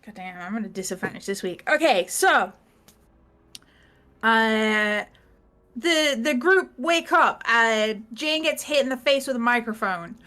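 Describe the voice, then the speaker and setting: A woman's voice: fairly high pitch, animated, a little slow, sharp tone. A woman casually recapping the last session of a tabletop game, rambling, laughing and swearing as she quotes the characters.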